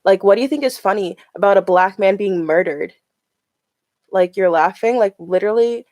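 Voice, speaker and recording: A woman's voice: medium pitch, moderate pace, a little mellow, no room sound. A woman chatting casually on a live stream as she reads tarot cards, filling her talk with "like". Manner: chatty, with many "like" fillers.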